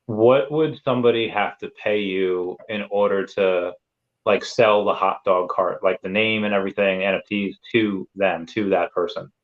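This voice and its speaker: Rambling man with a low voice. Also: steady tone, moderate pace. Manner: rambling storyteller, many fillers. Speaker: podcast host. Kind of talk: casual chat. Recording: muffled lo-fi sound.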